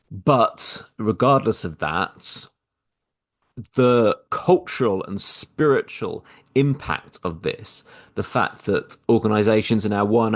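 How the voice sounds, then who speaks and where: A man, a minister, giving a personal podcast reflection in an impassioned, halting way with many restarts. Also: sits low.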